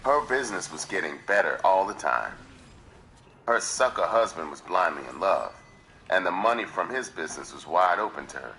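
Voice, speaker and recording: A man reads a memoir aloud in a measured, dramatic storytelling manner. His voice is very deep yet carries a bright, tense edge. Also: animated, slight background noise, poor audio. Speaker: livestream reader.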